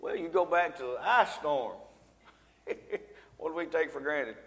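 A man's voice: on the high side, lively intonation, unhurried, a bit bright. A man teaching a Bible lesson, reading scripture with rising emphasis and talking folksy to the congregation. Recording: long reverb in a church hall.

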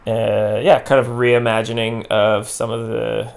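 Casting: gravelly, relaxed man, co-host of a casual chat, hesitant delivery. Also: fairly low pitch. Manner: laid-back, halting, lots of fillers.

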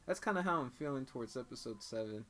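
A man's voice: mid-range voice, expressive, fast, a bit bright. A young man in casual chat about films, rambling and restarting his sentences a lot. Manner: rambling, lots of fillers and restarts.

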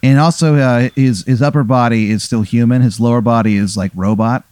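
A man's voice: medium pitch, steady tone, brisk, a little mellow, clear, resonant tone, no room sound. Casual, rambling man telling a comic story. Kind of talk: improvised comedic storytelling.

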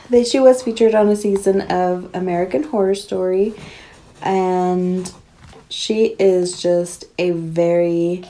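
A woman co-hosting a casual podcast, talking in a playful, joking way with quick laughs. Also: medium pitch, mellow. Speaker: podcast co-host.

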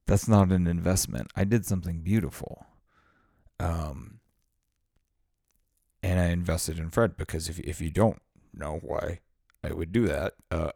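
A man's voice: deep voice, gravelly, darkish tone, dry recording, studio quality. A man giving a blunt, profane, fired-up motivational monologue.

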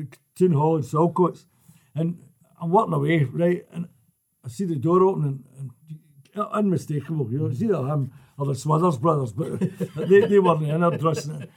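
A man's voice: on the high side, moderate pace, creaky, slightly rough. An older Scottish man telling football stories in casual chat, laughing as he goes. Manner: lively storyteller who laughs through his tales.

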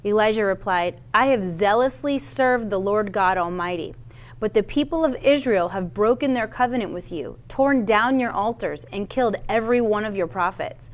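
A woman's voice: medium pitch, normal speed. A woman giving a sermon, reading a Bible passage aloud with casual asides and stumbles over names. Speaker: Bible teacher.

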